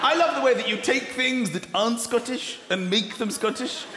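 A man performing a stand-up comedy routine on a theatre stage, animated and shouting punchlines, sometimes slipping into put-on voices. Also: extremely high pitch, moderate pace, background noise. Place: large theatre with live audience. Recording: echoey hall with loud crowd.

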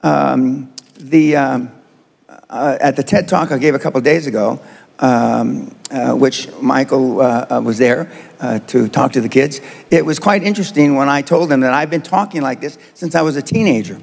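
A man's voice: mid-range voice, normal speed, creaky, in a large hall. A man in his seventies giving a blunt, provocative motivational speech to a live audience, with many hesitant fillers. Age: 70s. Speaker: motivational speaker.

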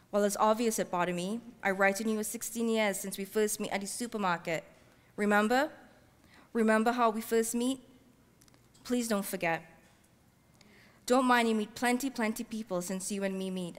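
A woman reads her fiction aloud at a library event in a measured, heartfelt first-person voice. Her pitch sits in the middle range, and her lines carry Caribbean-English dialect. A long reverb from the hall trails each phrase. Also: fairly even intonation. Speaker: author reading her work. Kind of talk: public reading of fiction.

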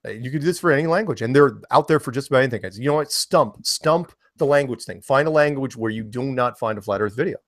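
A man's voice: medium pitch, fast, hardly any pauses. A man co-hosting a casual live-stream chat, rambling while he searches his screen. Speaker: co-host.

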